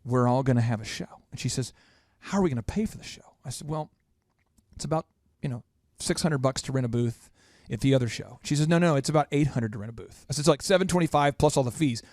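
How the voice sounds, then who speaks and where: A man hosting a podcast, telling a story in a quick, animated, self-mocking way. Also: medium pitch, no echo, clean studio sound. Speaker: podcast host. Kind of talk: storytelling in casual chat.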